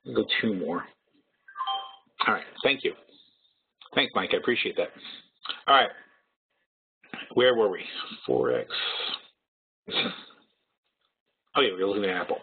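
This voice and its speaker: This man's voice sits low, with big pitch swings, vocal fry, a slightly rough texture, and a slow pace broken by long pauses. Hosting a live trading webinar heard through tinny phone-line audio, he calculates out loud, wandering off track and catching his own mistakes.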